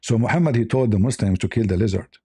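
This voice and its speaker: A man's voice: fairly low pitch, fast talker, mellow, husky, dry recording, clean studio sound. A man giving mocking commentary, sarcastic and laughing, with non-native phrasing. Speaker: online religion critic.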